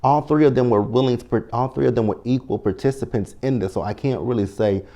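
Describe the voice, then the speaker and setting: A man's voice: mid-range voice, quick pace, dark tone. A man recapping a reality TV show in a sassy, blunt, profane way, quoting his own reactions as he goes. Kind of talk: casual recap commentary.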